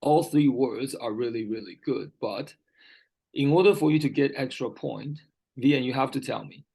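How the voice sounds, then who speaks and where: A man's voice: medium pitch, moderate pace, vocal fry, dark tone, slightly rough, rough recording. A man tutoring English one-on-one, patiently repeating key words and often checking whether his student understands. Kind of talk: one-on-one vocabulary lesson.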